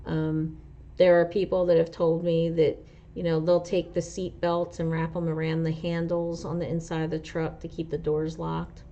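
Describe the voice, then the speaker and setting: A woman's voice: sits low, monotone, normal speed, dark tone. A woman with a New Jersey accent, a truck driver and instructor hosting a casual livestream and chatting with viewers, rambling with lots of fillers. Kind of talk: casual livestream chat, answering viewer comments. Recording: dull lo-fi livestream audio.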